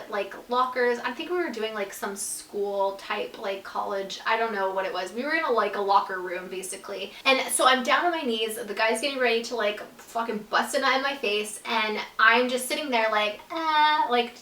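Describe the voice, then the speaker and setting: A woman's voice: on the high side, pushed and bright. A young woman telling a casual, blunt and profane storytime, full of "like" fillers. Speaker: vlogger telling stories. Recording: roomy echo, a bit far from the mic.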